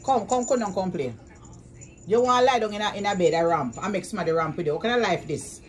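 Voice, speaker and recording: A woman's voice: medium pitch, quick pace. Woman coaxing her cats. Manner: coaxing, sing-song, repeats commands. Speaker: vlogger. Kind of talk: casual talk to her cats.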